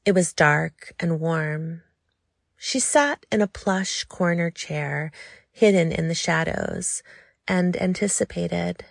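Woman reading a story real slow and intimate, gravelly low voice, dry close mic. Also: no echo. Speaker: narrator. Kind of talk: scripted story narration.

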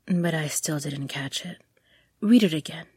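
A playful, commanding young lover who growls his lines low and half-whispered, as a woman reading the story voices him. He speaks slowly and unhurriedly. The voice is husky and breathy, in a dry, close room. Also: a little mellow, no echo, exaggerated voice. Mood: teasing. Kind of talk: audiobook reading.

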